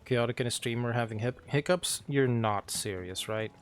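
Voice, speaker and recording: A man streaming a role-play game, casually recapping events for his viewers in an unhurried way with frequent ums. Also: mid-range voice, clean tone, soft background music.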